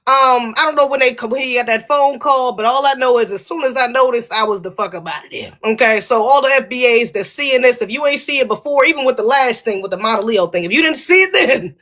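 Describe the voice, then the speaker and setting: A woman's voice: fairly high pitch, a little fast, few pauses, a bit bright. A woman co-hosting a live podcast, giving blunt, emphatic commentary in a casual way. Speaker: podcast co-host.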